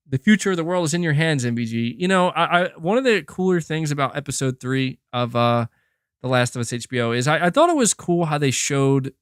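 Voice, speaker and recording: A man's voice: fairly high pitch, fairly bright tone, clean tone, no room sound, studio quality. A young man hosting a gaming podcast, casually rambling in reply to chat comments with many restarts and "bro". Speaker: podcast host reading chat.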